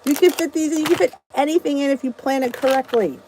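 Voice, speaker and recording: A woman's voice: high voice, quick pace, noisy background. A middle-aged woman from New Jersey hosting a casual live chat. She is chatty and emphatic and repeats her key points. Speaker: vlog host answering live chat.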